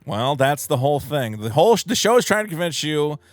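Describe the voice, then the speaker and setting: Animated young man chatting. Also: a little high. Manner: animated, acts out characters in quick put-on voices. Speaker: podcast co-host. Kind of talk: casual chat.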